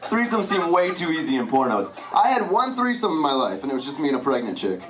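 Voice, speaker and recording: Stand-up comic, man, high and lively voice, deadpan confessional delivery. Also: quick pace. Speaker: stand-up comedian. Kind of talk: stand-up routine. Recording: roomy club with loud crowd noise.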